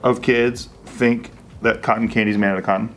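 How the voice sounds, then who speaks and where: A man's voice: fairly low pitch, steady tone, normal speed, over music. Blunt, profane man reading stats. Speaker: podcast host reading stats. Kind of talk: casual banter.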